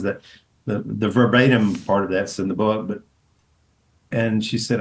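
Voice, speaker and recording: This podcast guest, a middle-aged pastor and author from the American South, talks at a normal speed in a steady tone. His storytelling rambles, keeps restarting, and uses a higher voice for quotes, all on a rough recording.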